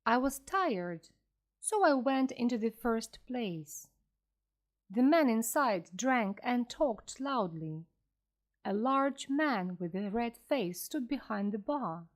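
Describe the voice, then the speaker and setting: A woman reading a classic story aloud slowly and clearly for English learners. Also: on the high side. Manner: slow, clear, expressive reading. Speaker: audiobook reader for learners.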